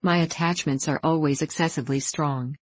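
A woman's voice: deep voice, fairly even intonation, a little fast, breathy edge, no room sound. A woman reading aloud, voicing a gushing, effusive young woman in an audiobook.

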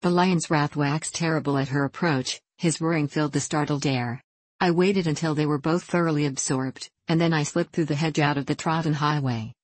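A woman narrating a classic storybook in a measured, literary way. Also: low-pitched, a little mellow, no echo. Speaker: audiobook narrator. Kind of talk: storybook reading.

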